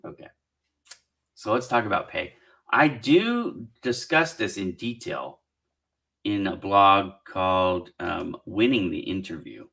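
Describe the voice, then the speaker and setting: A middle-aged man with a slightly low, gravelly voice and a bright, forceful edge to his tone. He hosts a casual live Q&A on job hunting, thinking aloud and encouraging viewers as he works through their comments. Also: lively intonation, slow. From Southern California. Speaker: career coach hosting a live Q&A.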